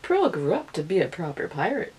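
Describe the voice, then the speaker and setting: Husky woman reading a picture book. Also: fairly low pitch, fairly quick, low-quality recording. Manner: expressive read-aloud. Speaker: early-years storyteller.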